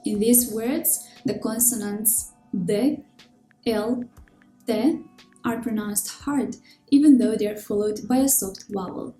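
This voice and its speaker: A woman giving scripted, clear and measured pronunciation lessons, slowing down to demonstrate sounds. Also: a little high, dark tone. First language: Russian. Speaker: language teacher. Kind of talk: scripted instructional narration. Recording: roomy echo with faint background music.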